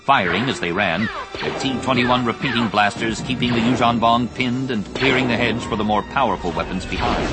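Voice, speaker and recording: A man narrating an audiobook in an expressive, measured storytelling voice, with music underneath. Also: on the low side. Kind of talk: scripted narration.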